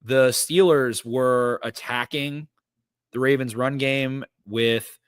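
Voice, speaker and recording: A man talks through football plays with eager energy and plenty of "uh"s. His voice sits at an ordinary middle pitch. The studio recording is dry and close. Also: slow pace, clear, resonant tone, no echo. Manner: energetic, recaps plays with lots of fillers. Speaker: podcast host. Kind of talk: casual football breakdown.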